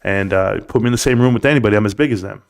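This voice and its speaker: A man hosting a live stream, giving a preachy, animated pep talk and reading chat comments aloud. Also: on the low side, very fast, creaky. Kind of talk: casual live stream monologue.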